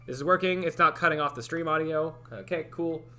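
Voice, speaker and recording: A man's voice: on the high side, a little fast, bright, forceful tone. A young man chatting casually on a livestream, rambling and hesitant with many restarts and fillers, wearing headphones at a desk mic. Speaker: streamer.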